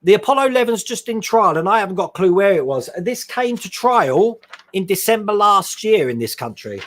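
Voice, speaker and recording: A man with a fairly high voice hosts a live stream, chatting casually about his hobby. He reads viewer questions off the screen and answers them in a loose, friendly ramble, laughing often. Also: big pitch swings, fairly quick, fairly bright tone. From England. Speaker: host of a scale modelling live stream.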